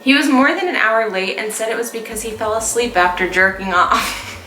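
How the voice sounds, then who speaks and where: A woman vlogger reading dating stories aloud, playful and sarcastic and quick to laugh. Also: on the high side, animated, bright, forceful tone, slight background noise. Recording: roomy echo with music behind.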